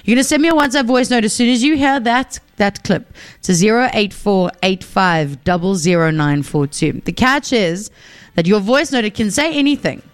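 A woman's voice: medium pitch, animated, moderate pace, smooth. A woman radio DJ presenting in a chatty, upbeat and casual way. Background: faint music.

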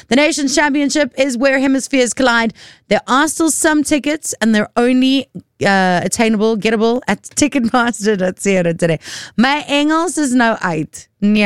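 Lively South African woman radio host. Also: fairly high pitch, clear, resonant tone, no echo, studio quality. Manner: chatty and playful, self-mocking. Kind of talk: casual radio chat. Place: radio studio. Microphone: studio microphone.

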